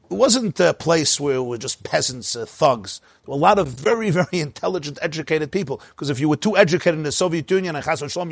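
A man telling a story in an animated way, mixing in Hebrew and Yiddish words as he speaks. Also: a little high, dry recording, studio quality. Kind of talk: storytelling talk.

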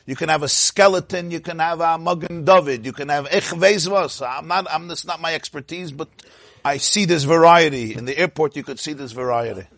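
A man teaching a lively Torah class, asking his listeners questions and acting out the people in his stories. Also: fairly high pitch, a little fast, creaky, no room sound. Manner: animated, asks the audience "huh?" and acts out quotes. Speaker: rabbi.

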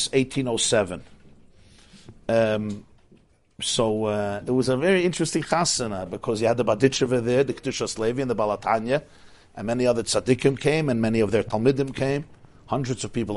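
A man giving an informal Torah talk, telling a Chasidic story with many restarts and Yiddish words. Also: mid-range voice. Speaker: Chasidic teacher.

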